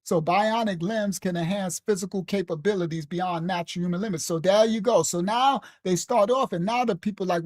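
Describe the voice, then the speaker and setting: A woman giving a casual, animated teaching on a late-night live stream. She talks straight to her viewers, repeats herself and laughs often. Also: fairly low pitch, a little fast, few pauses, dry recording, clean studio sound. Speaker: ministry teacher.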